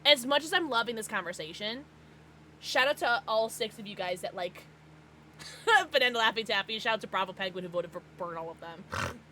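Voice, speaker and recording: An American woman livestreaming, chatting casually with her viewers in an excitable, bubbly way. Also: medium pitch, a little fast, slight background noise. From United States. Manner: excitable, bubbly, gasps and laughs often.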